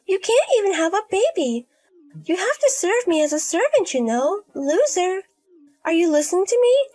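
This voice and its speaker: A woman voicing a bossy, spiteful pregnant young sister-in-law who yells insults in a storybook. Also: very high voice, big pitch swings, moderate pace. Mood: scornful. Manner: scornful, yelling insults.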